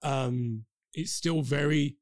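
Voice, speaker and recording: A Londoner with a Cockney accent chats on a podcast, pitched a little high for a man. He rambles and jokes with playful asides. His voice sits close and dry, with no room around it. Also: takes it slowly, no room sound. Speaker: podcast co-host. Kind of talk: casual podcast chat.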